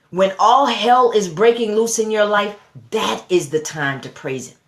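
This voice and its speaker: A woman's voice: mid-range voice, lively intonation, moderate pace, few pauses, reverberant. A woman giving a motivational sermon, repeating phrases and building to fervent emphasis. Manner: preachy, repetitive call-and-response, rising to fervent emphasis. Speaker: motivational speaker.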